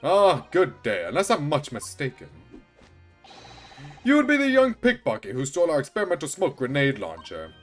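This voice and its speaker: A man voicing a pompous, eccentric gentleman detective from a video game, with grand formal delivery. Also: a little high, wildly swooping pitch, normal speed, soft background music. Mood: grandiose.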